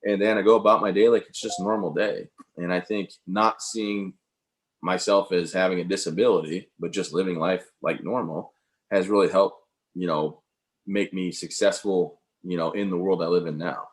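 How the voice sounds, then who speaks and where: A man with a very low, deep voice talks casually in an interview. He is upbeat and rambles, full of "you know" and "um." He speaks like he is telling his own story to a friend. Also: steady tone, moderate pace. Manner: upbeat, rambling, many fillers. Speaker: interview guest, veteran speaker.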